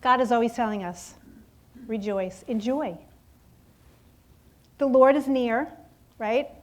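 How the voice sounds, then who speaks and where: A woman in her fifties telling a lively personal story in a sermon, acting out voices and laughing often. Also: fairly high pitch, takes it slowly. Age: 50s. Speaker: guest speaker at a church service.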